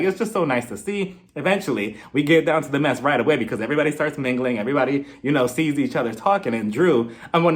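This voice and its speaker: A young man giving a chatty, sassy recap of a reality TV episode and acting out the cast's lines. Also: a little high. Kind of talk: casual recap commentary.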